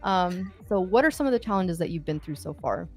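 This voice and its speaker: A woman's voice: fairly low pitch, expressive, brisk, slightly rough. A woman hosting a live-stream interview, asking upbeat, rambling questions full of fillers. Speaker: host.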